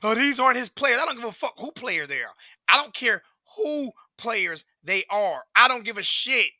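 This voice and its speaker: A man's voice: very high voice, very animated, moderate pace, pushed and bright, no room sound, studio quality. A man, ranting profanely and repetitively as a sports fan commentator. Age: 40s.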